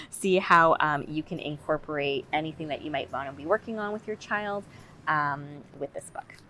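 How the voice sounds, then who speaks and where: A woman's voice: low voice, a bit bright, slight background noise. A woman speech and language assistant, explaining practice tips in a conversational way. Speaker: communicative disorders assistant.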